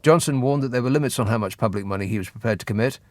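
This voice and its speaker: A male radio host reads the day's political news and peppers it with dry, sarcastic jabs. His voice sits at a middling pitch and sounds close and dry in the studio, with no room around it. He is taking calls on a phone-in show. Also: rapid-fire, dry recording. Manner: sardonic, mocking asides. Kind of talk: satirical news commentary. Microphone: studio microphone.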